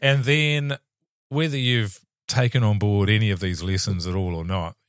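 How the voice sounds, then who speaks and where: A man's voice: fairly low pitch, steady tone, normal speed, no echo, studio quality. A man with a New Zealand accent co-hosting a podcast, chatting casually in a rambling, self-deprecating way. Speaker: podcast co-host. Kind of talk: casual chat.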